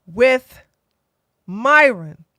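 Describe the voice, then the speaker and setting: A high-voiced woman delivers lively, outspoken commentary online, often breaking into mocking impressions. She is miked close and dry, with no echo or surrounding room sound.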